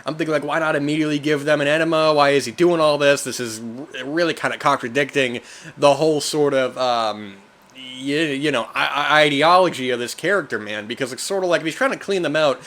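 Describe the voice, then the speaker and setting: A man hosting a film podcast, reviewing in a loose, rambling casual talk, often tossing in "man" and getting animated when he mimics reactions. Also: on the high side, a little fast.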